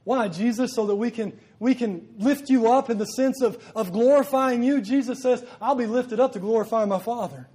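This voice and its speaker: Husky, high-voiced male preacher. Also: moderate pace, hardly any pauses, warm tone. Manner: earnest, rising to emphatic peaks, with repeated phrases. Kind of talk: sermon.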